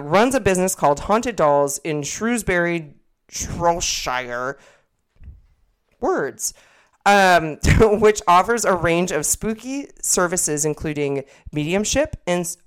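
Young woman podcast cohost, deep-ish voice, rambly and swears a lot. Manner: rambling, swears casually, frequent restarts. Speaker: podcast co-host. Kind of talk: casual podcast chat.

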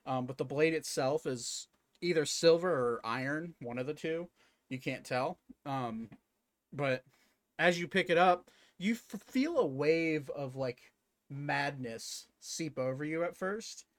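A young man narrating a tabletop game as game master at home, with halting speech full of fillers. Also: fairly high pitch, no room sound. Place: home, at a computer.

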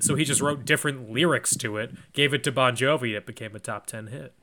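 A man's voice: medium pitch, a little fast, bright, forceful tone. A young man co-hosting a podcast in casual chat, with dry teasing and playful bits. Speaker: podcast co-host.

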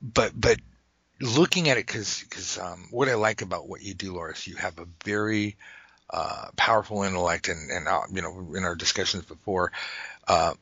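A man with a low voice and a bright, forward tone, talking casually on a podcast. He rambles, restarts his sentences and jokes at his own expense. The sound is dry and close, with no room around it. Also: moderate pace, husky, no room sound, rough recording. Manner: rambling, self-interrupting, jokey. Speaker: podcast host.

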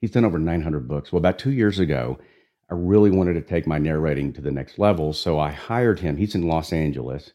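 Man with a deep raspy voice, really low and mellow, talks easy and loose. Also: a little fast, lo-fi sound. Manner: relaxed, talkative, with restarts. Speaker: audiobook narrator. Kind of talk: conversational interview.

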